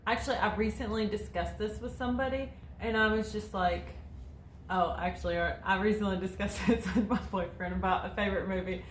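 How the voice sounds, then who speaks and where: A woman's voice: medium pitch, a little fast, roomy sound, slight background noise. A woman in her twenties, co-hosting a casual chat, rambling and laughing often as she reads out viewer questions. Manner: chatty and rambling, laughs often, many fillers. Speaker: co-host reading viewer questions.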